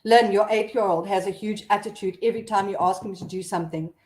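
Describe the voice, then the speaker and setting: A woman's voice: mid-range voice, steady tone, fast talker, darkish tone, roomy sound. A South African woman hosting a casual live stream, chatting and laughing as she reads out viewer comments.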